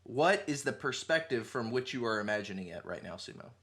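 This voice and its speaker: A man's voice: mid-range voice, expressive, fairly quick, fairly bright tone. A man hosting a casual podcast chat, thinking aloud as he talks, with many restarts. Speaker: podcast host.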